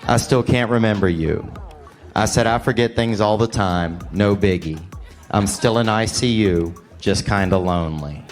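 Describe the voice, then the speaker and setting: A man's voice: fairly low pitch, normal speed, music in the background. A man doing stand-up comedy, telling a rambling story with a wry delivery.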